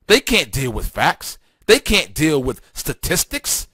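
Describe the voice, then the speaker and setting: A man's voice: a little high, wildly swooping pitch, unhurried, bright, forceful tone, slightly rough, dry recording, studio quality. A man hosting a political talk show, delivering a fiery, emphatic solo monologue full of repetition and stammered restarts.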